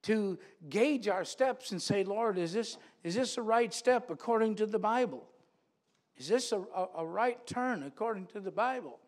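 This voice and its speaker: A man's voice: high voice, lively intonation, normal speed. A man preaching a sermon in a church, earnest and repeating phrases for emphasis.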